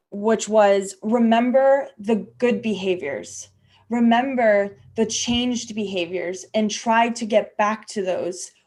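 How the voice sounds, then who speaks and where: A woman's voice: on the high side, darkish tone. A woman hosting a podcast, talking candidly and chattily with many fillers and restarts. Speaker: podcast host. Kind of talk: candid conversational podcast talk.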